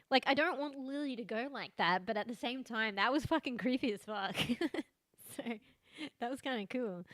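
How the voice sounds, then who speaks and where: A woman's voice: on the high side, moderate pace, a bit bright, no room sound, studio quality. A woman streaming a horror game, chatting casually with lots of swearing, laughing as she talks. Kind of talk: casual live-stream commentary.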